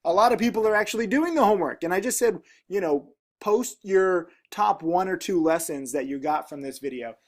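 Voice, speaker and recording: This thirties-aged man speaks high and fairly fast, barely pausing. Using a laid-back vlogger's voice, he reads comments from viewers and responds in a frank, meandering way full of fillers.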